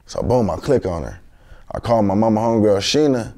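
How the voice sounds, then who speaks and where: A man's voice: on the low side, sing-song, fairly quick, warm tone. A young man, a guest telling a story in an interview in a slangy street manner with many fillers.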